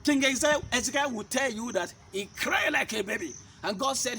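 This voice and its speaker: High, bright-voiced man preaching. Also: brisk, hardly any pauses, slight background noise. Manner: asks rhetorical questions to listeners; emphatic, repeats key points. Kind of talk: sermon-style teaching.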